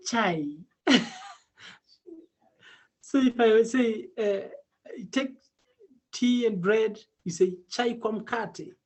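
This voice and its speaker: Patient man teaching Swahili. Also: high-pitched. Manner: patient, repeats words slowly, laughs often. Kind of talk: casual online language lesson.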